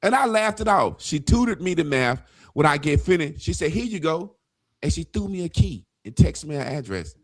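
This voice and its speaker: A man spins a profane story in a relaxed chat, jumping up and down in pitch as he acts out other people's voices. His voice sits dry and close to the mic. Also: brisk, no echo. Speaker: guest.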